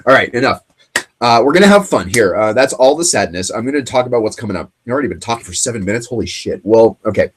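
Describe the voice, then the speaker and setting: A man's voice: mid-range voice, expressive, noisy background. A man hosting a late-night show, rambling through a casual monologue while choked up and tearful. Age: grew up in the 1980s. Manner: rambling, halting, with fillers and restarts.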